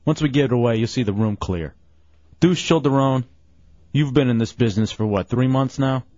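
A man hosting a live radio talk show, calmly trying to referee an argument. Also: mid-range voice, normal speed, dry recording, muffled recording.

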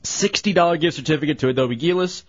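A man's voice: on the high side, fast talker, no room sound. A man hosting a radio show, joking with his crew and callers, laughing easily and reading out the phone number. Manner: playful, laughs often, reads phone numbers. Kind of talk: casual morning-show banter. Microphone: studio microphone. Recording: dull lo-fi radio studio broadcast.

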